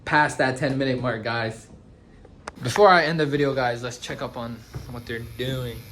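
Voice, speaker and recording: Young guy in his 20s rambling through shop stories, lots of bro and guys, mid pitched, faint hum behind. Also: normal speed. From United States. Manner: slangy and animated, says bro and guys a lot. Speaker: tattoo shop owner. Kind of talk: casual storytelling vlog.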